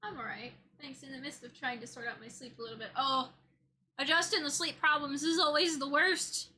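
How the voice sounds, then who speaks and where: Chatty high-voiced woman streamer. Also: fairly even intonation, fairly quick, sharp tone. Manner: chatty, laughs easily. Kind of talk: casual gameplay chat.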